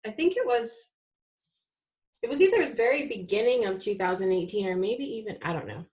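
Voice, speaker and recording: A woman's voice: fairly high pitch, animated, fairly quick, darkish tone. A woman hosting a talk show, chatting casually with her guest, laughing often and saying "like" a lot. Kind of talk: casual interview chat.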